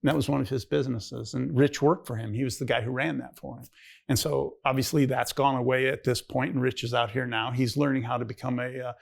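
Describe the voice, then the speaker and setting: Gravelly-voiced older male pastor telling stories. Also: medium pitch, little pitch movement, brisk. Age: 60s. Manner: rambling, conversational, acts out quoted dialogue in a raised voice. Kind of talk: personal testimony storytelling. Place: church.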